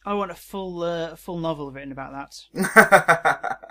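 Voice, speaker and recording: A man co-hosts a casual podcast, his voice bright and clear. He laughs easily and reads a short story aloud with hammy dramatic flair. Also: on the high side, a little slow. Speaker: podcast co-host.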